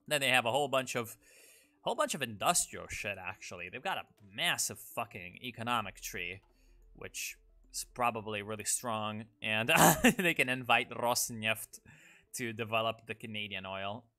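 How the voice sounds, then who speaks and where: A man's voice: lowish voice, normal speed, bright, forceful tone, faint music behind. A young man casually commenting on a strategy game, rambling and sarcastic, swearing freely. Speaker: gaming YouTuber.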